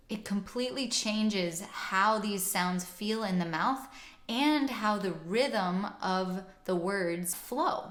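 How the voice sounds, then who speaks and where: Woman teaching pronunciation real slow, stretches out her vowels to demo them, roomy echo around her. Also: medium pitch. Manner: clear, deliberate, exaggerated vowel demonstrations. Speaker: singing teacher and host. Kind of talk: instructional lesson with spoken demonstrations.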